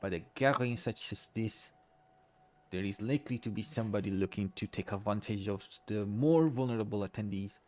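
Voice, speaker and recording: A man's voice: on the low side, brisk, darkish tone, close to an everyday voice. A man voicing a formal, polite male French academic who hunts frauds, with a put-on French accent, reading game dialogue aloud. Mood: courteous.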